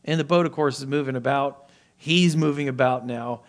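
A man preaching a sermon, acting out Bible characters with lifted voice and dropping to a hush for emphasis. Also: moderate pace. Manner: expressive preaching, voicing Bible characters with rising pitch and volume; drops to a soft hush for emphasis. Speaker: pastor.

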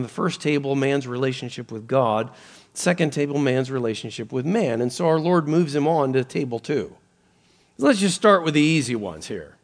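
Gravelly-voiced man preaching a sermon. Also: mid-range voice. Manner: earnest preaching that rises and falls, quoting scripture. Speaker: pastor.

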